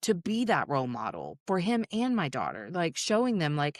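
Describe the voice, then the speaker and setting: Low-voiced woman podcast host, candid. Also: huge pitch swings, moderate pace, few pauses, no room sound, clean studio sound. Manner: open, emotional, swears casually. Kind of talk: candid conversational chat.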